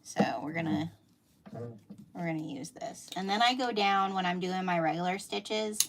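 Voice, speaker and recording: Gravelly woman with a Pennsylvania Dutch accent. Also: on the low side, moderate pace. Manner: chatty, thinking aloud while sewing. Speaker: sewing instructor. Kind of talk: live sew-along tutorial. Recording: noisy room with machine clicks.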